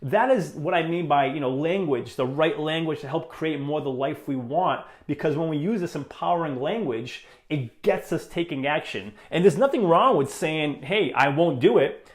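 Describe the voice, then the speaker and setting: A man's voice: fairly high pitch, moderate pace, few pauses, echoey room. A man in his thirties hosting a solo motivational podcast, talking in an earnest, encouraging way with lots of "you know" fillers. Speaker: podcast host.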